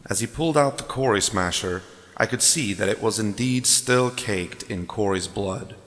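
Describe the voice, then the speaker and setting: Man, narrator, deep voice, dry wry delivery, long echoing reverb. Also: normal speed, a bit bright. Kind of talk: scripted narration.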